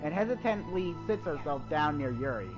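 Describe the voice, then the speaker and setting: A woman's voice: low voice, expressive, normal speed, over music, poor audio. A woman hosting a let's play, reading a visual novel aloud with chatty asides.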